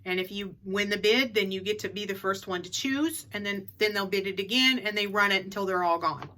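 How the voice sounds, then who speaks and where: A woman's voice: mid-range voice, fairly quick, bright, forceful tone, slight background noise. A middle-aged woman in a casual advice vlog, chatty and repeating her key tips for emphasis. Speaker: reseller vlogger.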